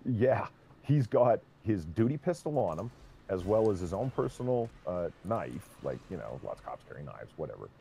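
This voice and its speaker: A man streaming a game, chatting casually and telling an animated story, swearing freely. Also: deep voice, normal speed, gravelly, a little hiss or hum. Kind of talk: casual chat while gaming.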